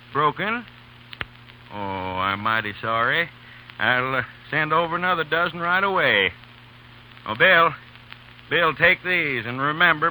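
A man's voice: on the high side, bright, forceful tone, full character voice, rough recording. A man voicing a friendly corner grocer in a 1930s radio ad sketch, chatty and folksy. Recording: hissy old radio broadcast.

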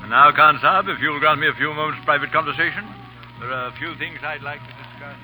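An actor playing a stern, authoritative older British colonel with clipped speech, in 1940s radio acting style. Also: male voice, a little high, quick pace, music in the background, lightly acted, rough recording. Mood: formal.

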